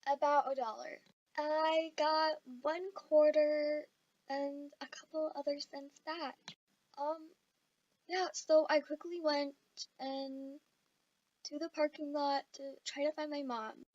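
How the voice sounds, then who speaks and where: A woman's voice: high-pitched, little pitch movement, takes it slowly, a little mellow, no room sound, dull audio. A woman casually telling a story time. She rambles and mocks herself, with fillers and swearing.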